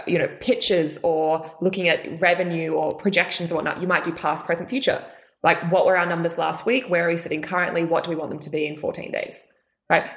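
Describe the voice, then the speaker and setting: Here a young woman, a guest coach being interviewed on a podcast, sounds lively and expressive, using shifts in pitch to stress her points.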